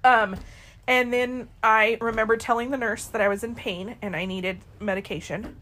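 A woman's voice: a little high, moderate pace. A woman co-hosting a podcast, casually telling her grown daughter a family story and acting out the people in it. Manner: lively storyteller who acts out quoted people. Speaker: podcast co-host.

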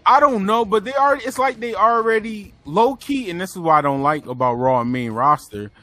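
A man's voice: sits high, animated, brisk, bright, forceful tone, dry recording. A man co-hosting a casual wrestling chat, ranting with exasperated outbursts. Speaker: wrestling podcast co-host.

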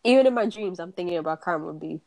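Animated woman telling a story. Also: on the low side, fast, dry recording. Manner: animated storytelling, acting out quotes, swears and laughs often. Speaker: podcast co-host. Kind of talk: casual chat, telling a dream story.

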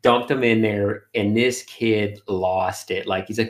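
A man, an art streamer, chatting in an interview and telling animated stories full of fillers. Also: on the low side, unhurried, few pauses. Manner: animated storyteller, many fillers. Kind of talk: casual interview chat.

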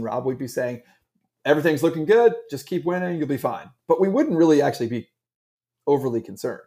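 A middle-aged man co-hosting a casual sports podcast, animated and rambling with frequent restarts. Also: medium pitch. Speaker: podcast co-host.

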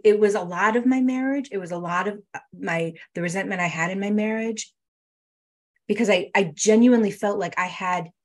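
A woman being interviewed, candidly recounting a hard personal story with emotion and frequent restarts. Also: mid-range voice. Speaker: interview guest.

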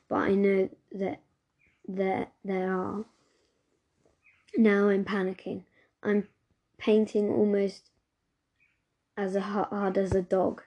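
Female audiobook reader, mellow and warm, steady and even. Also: medium pitch. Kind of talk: reading a novel aloud.

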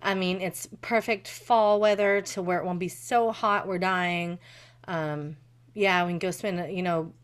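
Woman, podcast co-host, casual chat, animated, swears freely, laughs often. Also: on the low side, unhurried, smooth.

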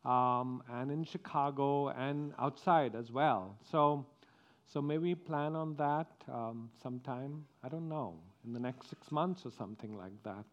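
A man making church announcements as pastor, speaking haltingly with frequent restarts and pauses. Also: medium pitch, muffled recording.

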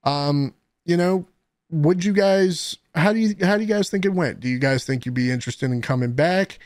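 A young man hosts a relaxed podcast conversation with friends. He trips over his words, repeating them as he goes, and laughs a lot. His voice sits a touch high and sounds dry and close. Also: normal speed, dry recording. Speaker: podcast host. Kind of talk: casual podcast chat.

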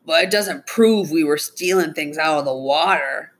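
A woman's voice: deep voice, moderate pace. A woman voicing a stubborn, defensive male suspect who scoffs at accusations in a read-aloud story. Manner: defensive, sarcastic.

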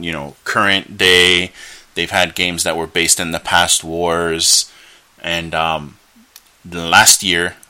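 A man's voice: low-pitched, pushed and bright. A man hosting a solo podcast, giving opinionated, rambling commentary with frequent fillers and restarts and bursts of scornful ranting. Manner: scornful rants. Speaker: podcast host.

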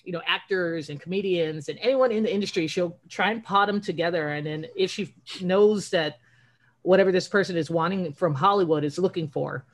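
A woman co-hosting a podcast, talking casually and laughing along. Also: lowish voice. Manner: chatty, quick to laugh along. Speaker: podcast co-host.

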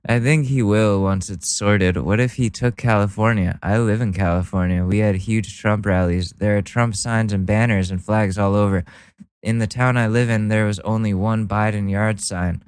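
A man's voice: fairly low pitch, steady tone, moderate pace, clear, resonant tone, no echo. A young man doing mocking, profane reaction commentary, sarcastic and laughing often. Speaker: commentary streamer.

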